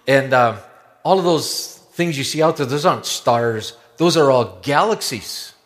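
A man preaching a sermon in a conversational, wondering way, often dropping to a hushed low tone. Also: lively intonation, a little slow. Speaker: pastor.

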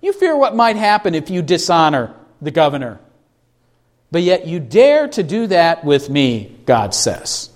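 A man preaching an expository sermon, reading scripture slowly for emphasis and asking the congregation rhetorical questions. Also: fairly high pitch, huge pitch swings. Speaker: pastor.

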